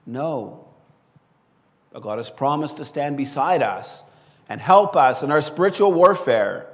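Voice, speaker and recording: A man preaching a sermon in an earnest, measured way, often quoting scripture and rising to stress key words. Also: on the high side, lively intonation, in a large hall.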